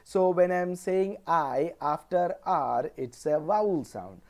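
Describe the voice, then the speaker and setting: Slow, deliberate male English lecturer. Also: on the high side, animated, darkish tone. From India. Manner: slow, deliberate, repeats example words one by one. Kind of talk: classroom lecture on pronunciation.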